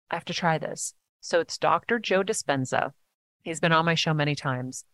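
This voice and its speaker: Earnest woman guest, lower voice. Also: normal speed, a bit bright. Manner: earnest, storytelling, acts out quotes. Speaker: podcast guest. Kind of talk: casual interview talk.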